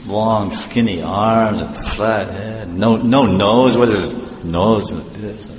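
A man's voice: on the low side, takes it slowly, a little hiss or hum, voice pushed down. A man voicing a male devotee who pleads and exclaims, recorded in an echoey hall with long reverb. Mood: lamenting.

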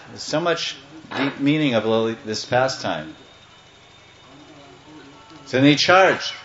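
A man giving a devotional storytelling sermon, animated and playful, breaking into chants and acting out parts. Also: mid-range voice, a little slow, long pauses. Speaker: devotional speaker. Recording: echoey, slightly muffled room.

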